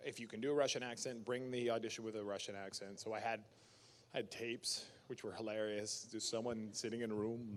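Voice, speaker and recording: A Canadian actor telling stories at a fan convention Q&A, casual and animated, acting out quotes and laughing. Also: male voice, fairly low pitch, brisk. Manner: animated storyteller who acts out quotes and laughs. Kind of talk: casual storytelling Q&A. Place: convention panel room.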